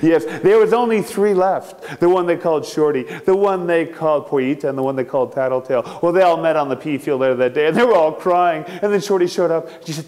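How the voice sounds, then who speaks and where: A man's voice: fairly high pitch, a little fast, hardly any pauses, darkish tone. A man telling a campy horror story with theatrical, gleeful delivery, laughing often. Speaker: ghost story narrator.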